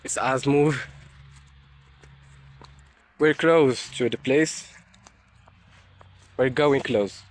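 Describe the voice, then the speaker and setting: A young man from Morocco chatting casually while walking through a forest on a rainy day, halting and searching for words in English. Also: medium pitch. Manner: soft, unhurried talk while walking. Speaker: nature vlogger. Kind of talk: casual walking vlog chat.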